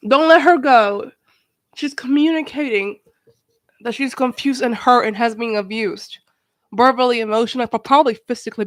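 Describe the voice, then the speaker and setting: A woman's voice: on the high side, fairly bright tone, no room sound. A woman giving casual reaction commentary, emphatic and indignant as she talks over a show she is watching.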